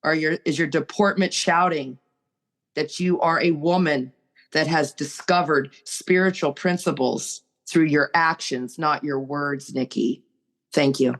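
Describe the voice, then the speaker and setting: A woman's voice: low-pitched, steady tone, unhurried. A woman sharing on a recovery podcast, earnest and preachy as she urges listeners on. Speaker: recovery group member.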